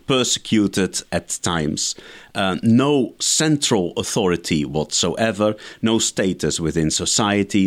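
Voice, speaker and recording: Low-voiced man explaining in lively tones. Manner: lecturing, methodical, enumerates points. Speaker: biblical scholar guest. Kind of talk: explanatory interview answers.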